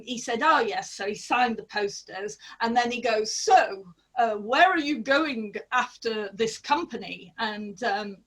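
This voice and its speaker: Brief: middle-aged woman, ex-ballet dancer, lively and laughing, slightly high voice, video call. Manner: lively, laughing storyteller with many fillers. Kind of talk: animated anecdote on a video call.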